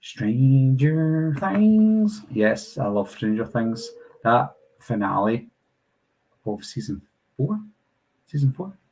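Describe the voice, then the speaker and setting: A man's voice: on the low side, expressive, takes it slowly, vocal fry, pauses often, slightly rough, poor audio. A young man with a Glasgow accent, hosting a casual live Q&A and answering viewer comments in a chatty, apologetic way. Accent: Scottish, Glasgow. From Scotland. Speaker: channel host answering live chat.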